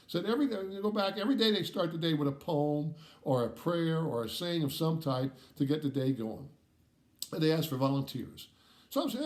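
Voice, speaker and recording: A middle-aged man from Ohio telling a personal story in an animated way, dropping to a soft hush when it turns emotional. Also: a little high, brisk. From Ohio, USA. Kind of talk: storytelling talk.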